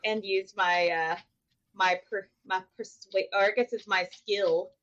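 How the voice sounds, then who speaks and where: A woman playing a tabletop game, talking in an excitable, chatty way. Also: medium pitch, measured pace, highs cut off. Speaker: player.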